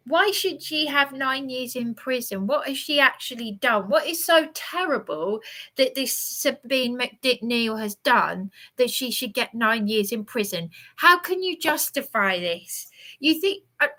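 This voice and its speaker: A woman streaming from a hotel room, chatting with her viewers in a rambling, halting way and answering their comments as they come in. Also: high-pitched, pushed and bright. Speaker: livestreamer. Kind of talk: rambling live chat to viewers.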